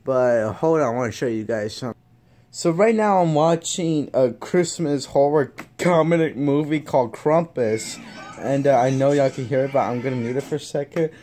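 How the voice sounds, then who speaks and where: A man's voice: mid-range voice, normal speed, dark tone. A man vlogging casually from home, laid-back and often laughing. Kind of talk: casual vlog chat.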